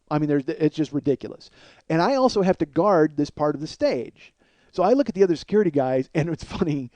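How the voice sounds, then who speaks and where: A man telling a comedic story as a podcast host, swearing freely and building up energy as he goes. His voice sits fairly high but sounds mellow and dark in tone. The sound is dry and close to the mic. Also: no room sound, highs cut off. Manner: profane, animated storyteller.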